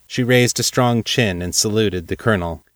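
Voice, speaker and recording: A man reading scripted fiction aloud as narrator, in a measured storytelling manner. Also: fairly low pitch, no echo, clean studio sound.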